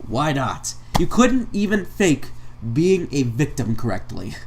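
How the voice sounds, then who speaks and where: A man's voice: on the high side, very animated, measured pace, noisy background. Sarcastic man doing reaction commentary. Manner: sarcastic, mock-exasperated, mid-sentence laughs. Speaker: commentary YouTuber.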